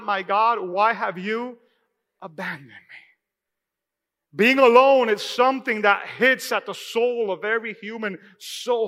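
A pastor with a high, bright, ringing voice addresses his congregation in the church sanctuary. He recounts a personal story loosely and conversationally, sprinkling in "you know," and his words fade into a long echo through the hall.

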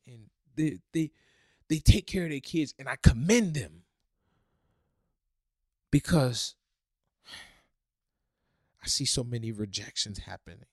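A man hosting a faith podcast, preaching with fervor and swinging from loud calls to hushed, pleading talk. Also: mid-range voice, dry recording, clean studio sound. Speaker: podcast host.

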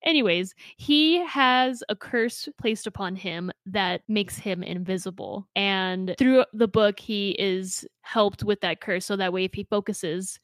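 A woman's voice: medium pitch, unhurried, hardly any pauses, no echo. A woman co-hosting a podcast, chatting casually and gushing about a book, swearing freely. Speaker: podcast co-host. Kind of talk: casual book-club chat.

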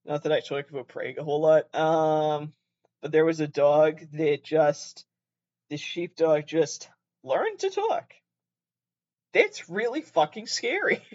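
Rambling, swearing young Canadian podcaster. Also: male voice, on the high side, expressive, unhurried, highs cut off. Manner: rambling, swears a lot, corrects himself often. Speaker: podcast host. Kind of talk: casual solo podcast chat.

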